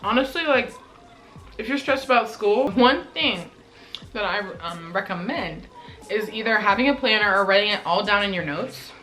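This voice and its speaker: A Colorado teenage girl vlogs a mukbang, chatting casually and eating as she talks, her speech packed with "like." Her mid-range voice is animated, pushed and bright, at a normal speed. Soft music plays behind her on a poor-quality recording.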